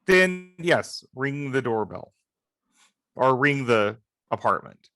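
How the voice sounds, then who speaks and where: Slow-talking polite male player. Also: medium pitch, animated, bright, forceful tone, no room sound, clean studio sound. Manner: hesitant, polite. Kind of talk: casual tabletop play.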